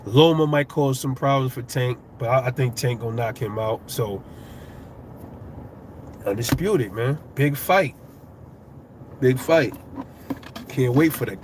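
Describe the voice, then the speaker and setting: A man's voice: medium pitch, a little hiss or hum. A middle-aged man with a New York accent, giving loose, profane boxing commentary on his channel, rambling and getting heated. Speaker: boxing YouTuber. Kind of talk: casual fight commentary.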